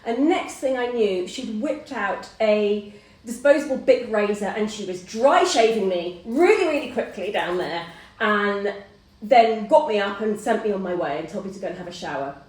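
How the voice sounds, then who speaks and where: Middle-aged woman host, animated personal storyteller, mid-pitched voice, distant and reverberant recording. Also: moderate pace. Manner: animated storyteller who acts out quoted voices. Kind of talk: casual chat, personal storytelling. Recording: roomy, distant mic.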